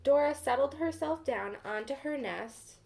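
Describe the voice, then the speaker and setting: A woman reading a storybook aloud to children as a teacher, gently pausing to ask them questions. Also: high voice, lively intonation, creaky.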